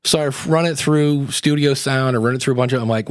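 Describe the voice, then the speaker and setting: Dude cohost telling a story, chatty and rambling, medium voice, dry mic. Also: male voice, mid-range voice, steady tone, a little fast, hardly any pauses, dry recording. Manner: storytelling, chatty, self-interrupting. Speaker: podcast co-host. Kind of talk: casual podcast chat.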